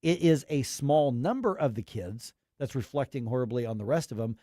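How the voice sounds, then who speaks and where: Male radio host, mellow warm voice, dry studio sound, emphatic opinion talk. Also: medium pitch, lively intonation, normal speed, no room sound. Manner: emphatic, rambling opinion with acted quotes.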